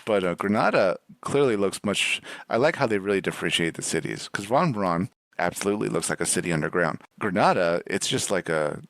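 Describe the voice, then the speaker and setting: Man, low voice, dry sound, casual podcast talk, thoughtful, hedging. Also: expressive, brisk, few pauses, a bit bright, no echo. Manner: thoughtful, hedging commentary with filler words. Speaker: podcast co-host.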